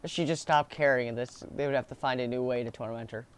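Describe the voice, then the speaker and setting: A man's voice: mid-range voice, steady tone, fast talker, smooth. A young man telling a school story in a rambling, casual way, laughing and swearing as he goes.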